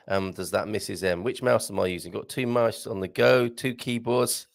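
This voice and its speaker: A man's voice: fairly low pitch, vocal fry. A man hosting a casual morning live stream from a home studio, chatting, reading viewer comments aloud and trying out Portuguese phrases. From Britain. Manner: chatty, rambling, chuckles often, reads comments aloud, tries Portuguese phrases slowly. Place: home studio with green screen.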